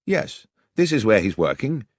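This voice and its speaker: An actor playing a male detective in disguise who speaks calmly and plainly. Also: medium pitch, moderate pace, no echo, clean studio sound.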